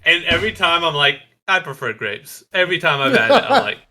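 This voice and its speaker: A man's voice: sits high, animated, quick pace, creaky, pushed and bright, faint music behind. A man chatting casually on a podcast, joking and teasing his co-host and laughing often.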